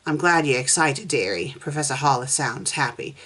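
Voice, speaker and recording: Lady reading a friendly professor guy, gentle and polite, storybook reading. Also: very deep voice, animated, moderate pace, heavily acted. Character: kindly male professor, friendly and welcoming.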